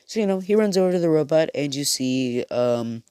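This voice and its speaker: A man's voice: on the high side, animated, brisk, warm tone, clean tone, dry recording, clean studio sound. A young man narrating an improvised fan story in a casual, rambling way, full of fillers and restarts.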